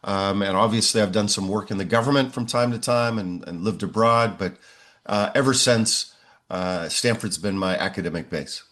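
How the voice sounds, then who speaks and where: A man in his sixties, a professor answering interview questions in a measured way, often pausing on "uh". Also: lowish voice, a bit bright. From United States. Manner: measured, frequent "uh" fillers.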